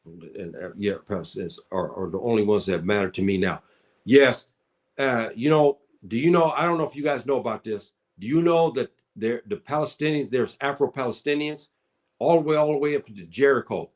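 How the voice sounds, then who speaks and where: A man's voice: mid-range voice, fairly quick. A man giving casual spoken commentary, addressing listeners as brother and sister and often repeating his words.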